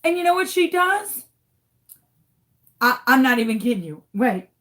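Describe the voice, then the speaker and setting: A woman's voice: sits high, sing-song, normal speed, fairly bright tone. A woman telling a story to camera in a dramatic, exasperated way. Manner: dramatic, exasperated, swings into shrieks. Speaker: crafting channel host.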